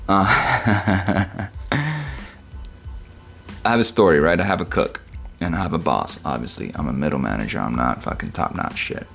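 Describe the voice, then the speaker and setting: A man's voice: low voice, normal speed, creaky, pauses often, soft background music. A man who works as a kitchen middle manager, telling a work story in a profane, casual rant full of "right?" and "dude". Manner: swears constantly, lively storytelling, rhetorical "right?".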